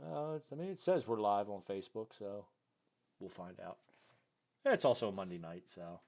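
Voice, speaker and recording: A young man hosting a podcast, telling a story in loose casual chat and jumping his voice up high when he quotes people. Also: normal speed. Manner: animated, voice jumps high when quoting people; loose, filler-heavy talk with "dude" and "you know". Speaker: podcast host.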